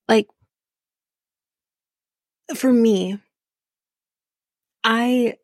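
A woman's voice: mid-range voice, creaky, darkish tone, no echo, clean studio sound. A young adult woman hosting a casual podcast recap and commenting bluntly, with profanity and indignation. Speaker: podcast host.

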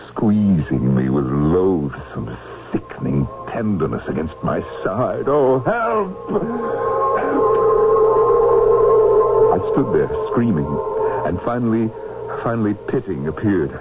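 A stammering, panicky haunted professor. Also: male voice, low-pitched, lively intonation, moderate pace, over music. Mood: fearful. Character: frantic, haunted older male professor. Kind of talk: 1970s radio drama acting. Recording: tinny old radio broadcast, faint noise.

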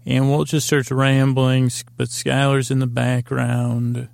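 A man's voice: mid-range voice, flat delivery, a little slow, vocal fry, a little mellow, dry recording. A man hosting a podcast, loosely recapping scenes in a rambling way, full of fillers and restarts as he paraphrases what characters say. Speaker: podcast host. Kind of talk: rambling episode recap for sleep.

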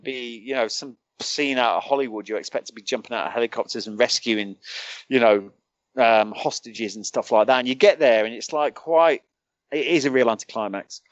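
A British man, a former soldier and podcast guest, telling animated stories in casual chat, chuckling and restarting his sentences. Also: mid-range voice, moderate pace, no echo, dull audio. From United Kingdom. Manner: animated anecdotes, chuckles often, many restarts. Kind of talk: casual storytelling.

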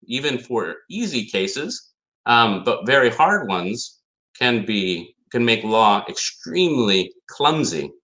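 A man delivers an academic lecture with a bright, forceful voice. He reads passages of law aloud and presses emphatic rhetorical questions. His pitch sits in an ordinary middle range. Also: very animated, slow pace. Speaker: conference speaker on law.

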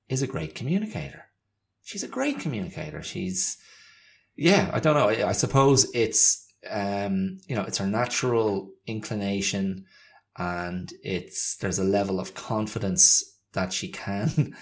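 A man hosting a podcast, talking through his thoughts in a reflective monologue and searching for words as he goes. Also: deep voice. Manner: thoughtful, searching, many fillers and restarts. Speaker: podcast host.

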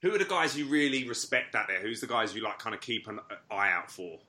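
A man co-hosting a casual chat in a relaxed, agreeable way. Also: lowish voice, a little fast.

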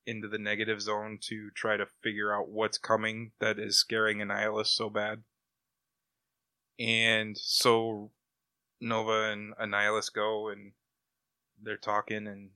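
A man animatedly recapping a comic on a casual podcast, jumping into characters' lines as he goes. His voice is very bright and forceful. The recording is dry, with no room sound. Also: on the low side, clean tone, no echo. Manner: animated retelling, acts out quotes, laughs often. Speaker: comic book podcast panelist. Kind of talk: casual review chat.

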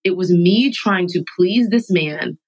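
A woman guest in a studio telling her own story candidly, emphatic and animated, sometimes laughing through her words. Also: on the low side, unhurried, low-quality recording. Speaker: podcast guest.

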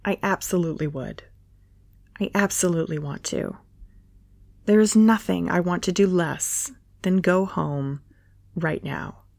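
A young man with a dry, joking wit, his lines slightly lowered and unhurried, as a woman narrator puts him on. He sounds close and dry, with no room around him. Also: vocal fry, darkish tone, no echo. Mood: regretful. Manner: dry, teasing delivery.

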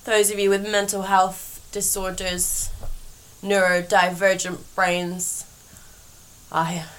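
Tired, slow-talking woman podcast host. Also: mid-range voice, flat delivery, fairly bright tone, low-quality recording. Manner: slow, rambling, self-correcting. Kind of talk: casual monologue.

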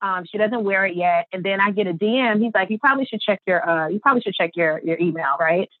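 Woman, mid-pitch, lively storyteller who voices every quote; dry, phone-narrow recording. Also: fast talker, no room sound. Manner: lively, acts out quotes with big pitch jumps, many fillers. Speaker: artist and business founder, interview guest. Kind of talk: animated storytelling in an interview.

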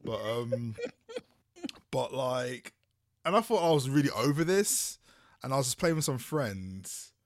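A man from London co-hosts a casual podcast and tells a story with lots of stops and restarts. His pitch rises and falls all over the place. The recording is close and dry. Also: slow pace, pauses often, no room sound. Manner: animated storytelling with many restarts. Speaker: podcast co-host.

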